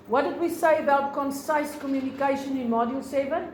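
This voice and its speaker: A South African woman teaching a lesson, explaining slowly, repeating points and asking the class questions. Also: high-pitched, darkish tone, roomy sound, a little hiss or hum, low-quality recording.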